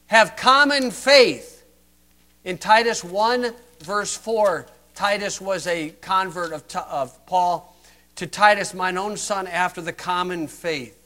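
This older American man's sermon is sarcastic and mocking, with a high voice that rises to loud emphasis and drops to whispered asides.

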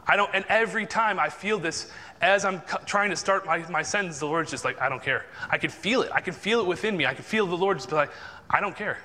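A man tells a personal faith story in a casual, unpolished way, full of restarts and acted-out inner quotes. His voice sits slightly high and sounds bright. A long reverb hangs behind it, as if he were in a hall. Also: quick pace. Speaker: Christian speaker sharing a testimony. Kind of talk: casual spoken devotional talk.

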